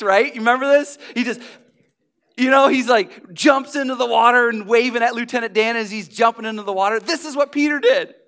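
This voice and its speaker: Preaching with a smooth, high-sitting voice, this pastor animates his sermon with stories told as if in conversation.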